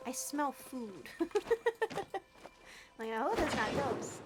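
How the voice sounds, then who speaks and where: A young woman livestreaming a cozy game, talking sweetly and gushing to her chat, with soft laughs and frequent throat clearing. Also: high-pitched, big pitch swings, drawn-out words, long pauses. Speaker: streamer. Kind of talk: casual gameplay livestream chat. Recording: faint background noise.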